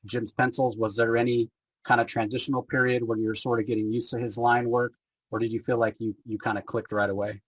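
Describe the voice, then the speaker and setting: A man's voice: mid-range voice, flat delivery, a little fast, breathy edge, poor audio. A man hosting a comics interview, asking long, rambling questions full of uhs. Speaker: podcast host.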